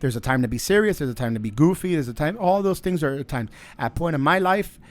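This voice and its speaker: A man's voice: on the high side, animated, quick pace. A man hosting a podcast, giving an earnest, faith-based motivational monologue and repeating phrases as he builds each point. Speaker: podcast host.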